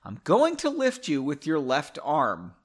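A man reading a steady, reassuring young hero. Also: on the high side, measured pace, breathy edge, exaggerated voice.

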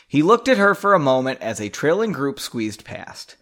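A man's voice: mid-range voice, sing-song, moderate pace, fairly bright tone. Chatty, self-mocking male storyteller. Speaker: author reading his own story. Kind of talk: casual storytelling with rambling commentary.

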